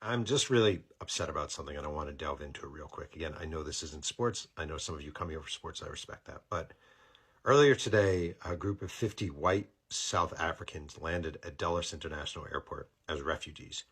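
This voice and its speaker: Husky low-voiced man ranting indignantly. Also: brisk, a bit bright. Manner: indignant, repeats points for emphasis, swears. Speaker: commentator. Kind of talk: angry political commentary.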